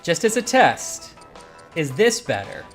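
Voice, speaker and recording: A man's voice: a little high, very animated, slow pace, faint music behind. A man co-hosting a casual stream, laid-back while testing his audio setup. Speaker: stream co-host.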